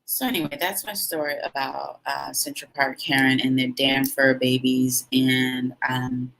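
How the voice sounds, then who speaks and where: A woman's voice: a bass voice, fairly even intonation, measured pace, creaky, fairly bright tone, a little hiss or hum, poor audio. A woman hosting her own vlog, telling a story in an emphatic, dramatic way and acting out what people said. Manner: dramatic, emphatic, acts out quotes. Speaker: vlog host.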